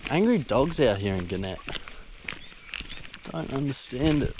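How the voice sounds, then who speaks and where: A man walks through a countryside village, narrating his route to a handheld camera in an unhurried, offhand way. His voice sits at a middle pitch and he swears casually as he goes. Clear outdoor noise, with birds and animals, runs under the whole recording. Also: big pitch swings. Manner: laid-back, muttering asides with frequent swearing. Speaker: travel vlogger. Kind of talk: casual walking vlog. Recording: outdoor noise from walking on location.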